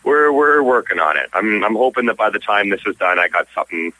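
A man's voice: fairly low pitch, expressive, fairly quick, bright, forceful tone, poor audio. A young man from Canada, a stage actor, chatting easily as an interview guest. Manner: easygoing, frequent restarts. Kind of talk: casual interview.

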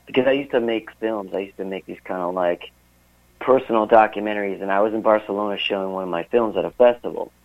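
A man, a musician guest, chatting casually and rambling through a story with many fillers, heard over a phone line. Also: fairly low pitch. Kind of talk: casual interview chat.

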